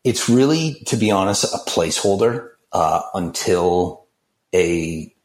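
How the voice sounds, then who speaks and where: Deep-voiced man answering with measured pauses. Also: animated. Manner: measured, many fillers and restarts. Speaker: guest, crypto project founder. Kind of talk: interview answers.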